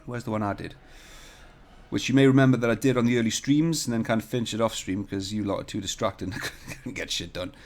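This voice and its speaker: A man speaks briskly at a fairly low pitch, with slight background noise behind him. He's a CAD tutorial livestream host in a hotel room, casually chatting and joking with viewers and swearing now and then, into a desk mic with no shock mount or pop filter.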